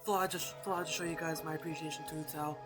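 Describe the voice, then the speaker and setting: A woman's voice: low-pitched, fairly even intonation, rapid-fire. A young woman giving goofy, rambling commentary while she plays a video game. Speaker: gaming streamer. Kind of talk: let's-play commentary. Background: game music.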